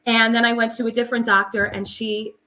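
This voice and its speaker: Middle-aged woman guest, bright tone, earnest conversational storytelling. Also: on the high side, level tone, brisk. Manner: earnest, emphatic, many fillers. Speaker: guest, holistic psychologist.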